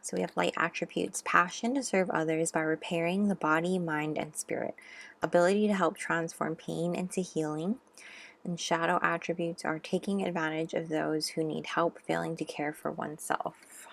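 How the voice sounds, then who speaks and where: A woman giving a pick-a-card tarot reading, gentle and musing, with frequent ums and soft asides. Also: sits low, fairly even intonation, moderate pace, vocal fry.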